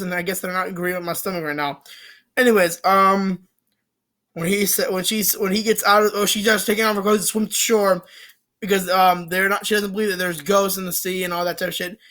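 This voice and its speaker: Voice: mid-range voice, a bit bright. A casual movie reviewer rambling about a film series, with lots of fillers, restarts and casual swearing.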